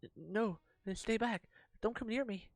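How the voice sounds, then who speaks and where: A man's voice: fairly high pitch, moderate pace, no room sound, voice pushed up, lightly acted. A man voicing a frightened young girl who prays and pleads in secret. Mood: panicked.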